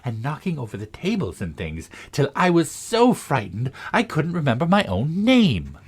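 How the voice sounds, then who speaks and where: This is a fussy, anxious old queen from a storybook, her voice rising high and fluttering nervously, as a male reader puts her on. The tone is breathy, and the pitch swoops about a great deal. She sounds flustered and scatterbrained. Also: wildly swooping pitch, moderate pace, heavily acted.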